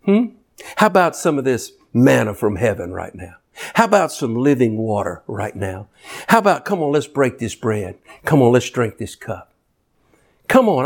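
A preacher voicing God, a coaxing host. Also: male voice, medium pitch. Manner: coaxing, homely invitations. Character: warm inviting God as a host.

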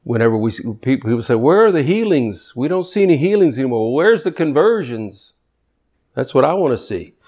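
An older man preaching a sermon, fervent and building up to near shouting. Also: mid-range voice.

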